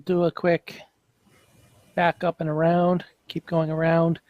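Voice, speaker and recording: A man playing a tabletop game, reasoning through his character's options out loud. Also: on the high side, completely flat delivery, slow pace, dull audio. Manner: thinking aloud, analytical. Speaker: player.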